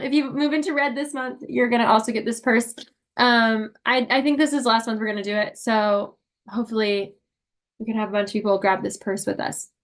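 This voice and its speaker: Upbeat young woman team leader on a video call, fairly high voice, lots of ums and likes. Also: a bit bright. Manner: upbeat, emotional pep talk with many fillers. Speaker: sales unit leader.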